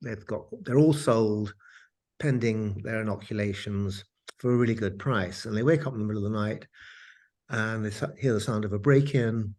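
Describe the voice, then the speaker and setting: Animated man telling stories as an author. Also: lowish voice, moderate pace. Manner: animated storyteller. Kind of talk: interview, anecdotal storytelling.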